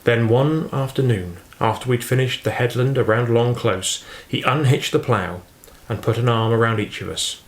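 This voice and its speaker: A man narrating a novel in a measured storytelling reading. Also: mid-range voice. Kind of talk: audiobook reading. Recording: roomy echo.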